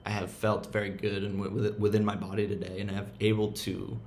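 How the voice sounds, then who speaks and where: A man's voice: on the low side, level tone, brisk, darkish tone, slight background noise. A man hosting a self-help talk, speaking in a loose, emphatic, slangy way and swearing freely. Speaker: meditation and self-help host. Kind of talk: casual motivational rant.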